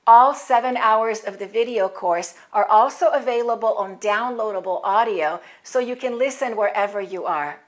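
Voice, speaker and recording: Woman ESL teacher, fairly high-pitched, precise deliberate diction. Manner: clear, deliberate enunciation with model words for repeating. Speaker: English teacher. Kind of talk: scripted pronunciation lesson.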